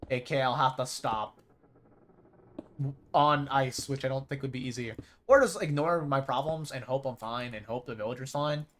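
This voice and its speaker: A man chatting casually while streaming a game live, rambling excitably and tripping over repeated words as he gets going. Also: medium pitch, normal speed. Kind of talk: casual live gaming commentary.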